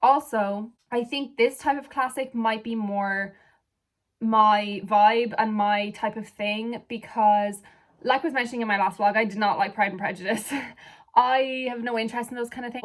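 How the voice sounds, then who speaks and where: A young woman from Ireland, a book vlogger chatting casually and rambling off on tangents while sitting far back from the camera at home. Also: fairly high pitch. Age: young adult. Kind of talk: casual chat.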